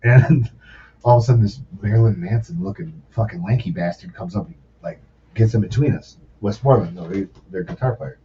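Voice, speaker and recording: Heard through a distant mic with dull lo-fi quality and faint noise behind him, the guest, once a sous chef and now in his forties, talks a little fast in a voice on the low side. He's an animated storyteller who rambles and swears freely in this casual podcast chat.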